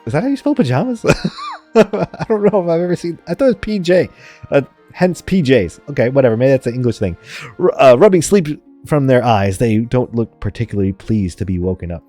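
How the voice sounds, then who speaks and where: A man's voice: mid-range voice, lively intonation, fairly quick, mellow, soft background music. A man streaming a strategy game live, chatting rambly with viewers and laughing often.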